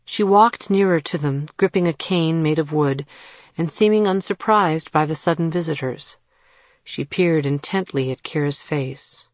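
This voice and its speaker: Low-voiced woman reading a storybook. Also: no echo, studio quality. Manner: measured storytelling read, puts on voices for characters. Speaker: audiobook narrator. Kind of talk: scripted audiobook narration.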